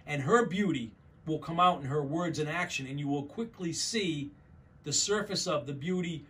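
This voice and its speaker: A man's voice: on the high side, moderate pace, a bit bright. A man preaching a sermon as pastor, emphatic and repeating his key phrases, often calling his listeners folks.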